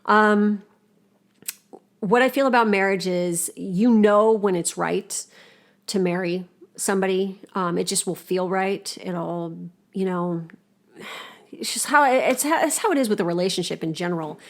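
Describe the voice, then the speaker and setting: A woman's voice: mid-range voice, a little slow. A young adult woman co-hosting a casual podcast, blunt and emphatic, swearing freely as she gives advice. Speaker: podcast co-host.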